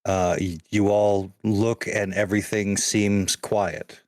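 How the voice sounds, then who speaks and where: A man narrating as game master of a tabletop game, relaxed and halting, with many restarts. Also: on the low side, no room sound.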